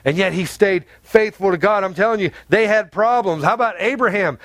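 A man's voice: high voice, fairly quick, a bit bright, no echo. A male pastor preaching a sermon in a conversational, emphatic way, full of rhetorical questions.

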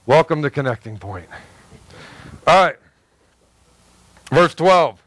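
A man, a pastor, giving an animated, conversational sermon with repeated phrases and acted-out asides. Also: on the high side, slow pace, no echo.

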